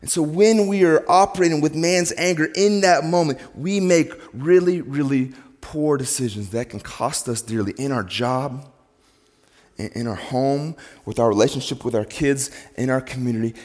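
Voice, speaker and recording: A middle-aged male pastor preaching a sermon, telling a story in an animated way and building to loud, emphatic peaks. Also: mid-range voice, moderate pace. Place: church sanctuary. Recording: long hall reverb.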